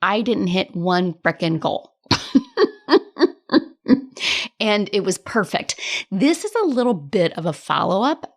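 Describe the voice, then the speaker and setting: Woman host, mid-range voice, talking straight to listeners like a friend; lively, tough-love coach. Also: mid-range voice, normal speed. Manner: chatty and animated, laughs often; tough-love directness, casual swearing. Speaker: podcast host and business coach. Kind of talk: casual solo podcast talk.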